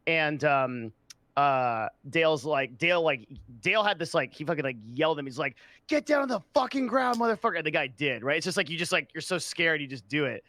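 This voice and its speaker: A man's voice: fairly high pitch, a little fast, sharp tone, no echo. A man from the San Diego area telling a story in casual chat, swearing often and filling gaps with "like" and "um". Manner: swearing storyteller, many fillers. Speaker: podcast guest.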